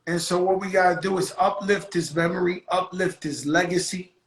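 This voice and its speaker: A heartfelt man hosts a casual conversation over a call and often stumbles over repeated words. His voice sits a little high. The room around him sounds echoey. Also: fairly even intonation, normal speed. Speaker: host.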